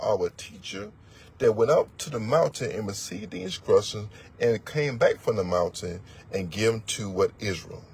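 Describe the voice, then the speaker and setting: A man's voice: medium pitch, creaky, darkish tone, a little hiss or hum. A man teaching as a religious elder, preaching in a blunt, profane, emphatic way and repeating words for force. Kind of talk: fiery sermon-style teaching.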